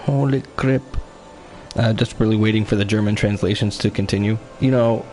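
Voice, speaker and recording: While live-streaming a game, a man with a lowish, somewhat mellow voice chats casually and giggles, frequently breaking into laughter. He speaks at a moderate pace with fairly even intonation, and faint game music plays underneath.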